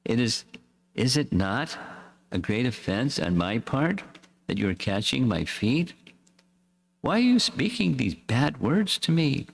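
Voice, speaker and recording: A man reading as a calm, gentle young woman. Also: medium pitch, unhurried, gravelly, full character voice. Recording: echoey hall reverb.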